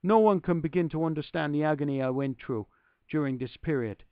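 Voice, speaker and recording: Man putting on a rueful Irish football boss, shaky accent, gravelly tone, flat dry sound. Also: fairly high pitch, fairly quick, dry recording, phone-quality sound, natural voice. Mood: lamenting. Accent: attempted Southern Irish. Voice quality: admittedly poor put-on accent. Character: Irish male football manager, rueful, earnest.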